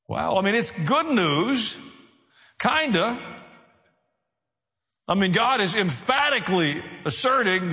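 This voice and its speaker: A pastor preaching a sermon, with wry asides, building to raised, emphatic delivery. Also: male voice, sits high, big pitch swings, slow, pauses often, pushed and bright. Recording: long hall reverb.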